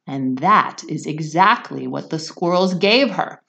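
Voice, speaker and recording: A woman teacher reads a children's novel aloud to young listeners, stopping to explain words. Her slightly low voice swings through a very lively range. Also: normal speed, hardly any pauses, highs cut off.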